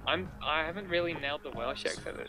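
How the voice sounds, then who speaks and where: A man's voice: on the high side, quick pace, over loud music. A male commentator chatting casually, playful and mock-indignant.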